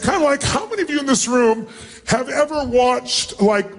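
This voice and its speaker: A high-voiced man leads a motivational seminar in a vast arena. He is commanding and energetic, repeatedly calling on the crowd to respond out loud. A faint live-hall noise sits beneath his voice. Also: brisk. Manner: commanding, energetic, calls for audience shouts. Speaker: motivational speaker. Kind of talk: live seminar address to a large audience. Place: large arena with thousands present.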